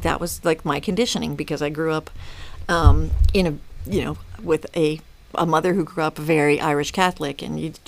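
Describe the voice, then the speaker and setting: A woman's voice: deep voice, vocal fry. A woman in her fifties, a mother speaking as a podcast guest, reflective and earnest with frequent restarts. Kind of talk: casual podcast conversation.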